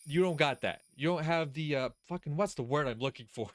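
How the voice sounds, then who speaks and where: A man hosting a let's play, giving casual gaming commentary in an animated, profane way, laughing often and talking straight to the character. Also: a little high, brisk, dry recording.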